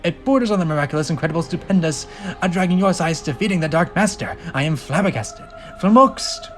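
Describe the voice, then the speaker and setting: Man playing a yellow dragon mentor, high and breathless, machine-gun wordy delivery. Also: expressive, quick pace, soft background music, close to an everyday voice. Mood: excited. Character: frantic brainy yellow male dragon guardian.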